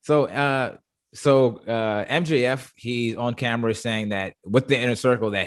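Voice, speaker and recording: A man hosts a casual review chat with a mid-range male voice. He talks in excited bursts, stumbling and repeating his words as he goes. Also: medium pitch, measured pace. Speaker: show host.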